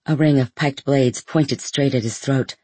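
A man reading a first-person story aloud in a measured, even way. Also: mid-range voice, husky, no room sound. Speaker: audiobook narrator.

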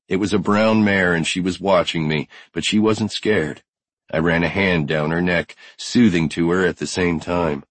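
Deep, husky male audiobook narrator. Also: steady tone, moderate pace, no echo. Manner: tense, driven storytelling. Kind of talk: first-person audiobook narration.

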